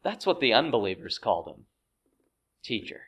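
A man's voice: lowish voice, big pitch swings, moderate pace, vocal fry, lo-fi sound. A middle-aged man preaching a sermon, asking rhetorical questions and acting out quoted voices with rising intensity. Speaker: pastor.

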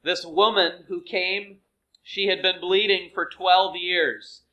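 A man preaching a sermon, earnest and measured, dropping to soft, hushed phrases for emphasis. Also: high-pitched, level tone, dull audio. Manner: slow, earnest, with dramatic soft drops.

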